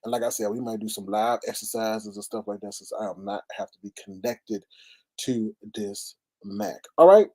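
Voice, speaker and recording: Animated man venting on a livestream. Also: moderate pace, vocal fry. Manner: animated storytelling with big pitch swings and exclamations. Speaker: livestream host. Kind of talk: casual venting livestream chat. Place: at home by a computer, streaming live.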